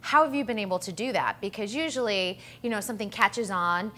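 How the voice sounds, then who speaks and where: A woman hosting a web interview show, upbeat and chatty, asking questions and giving quick affirmations. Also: medium pitch, lively intonation, fairly bright tone. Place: bakery shop.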